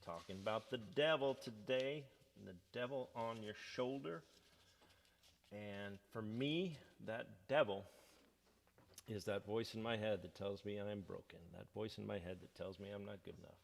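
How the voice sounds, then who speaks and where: A man from the United States with a low voice chats between songs on his music livestream, rambling through stories with plenty of fillers. His voice is gravelly, with a long reverb around it and soft music playing behind. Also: moderate pace. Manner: rambling storyteller, many fillers. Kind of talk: casual chat between songs.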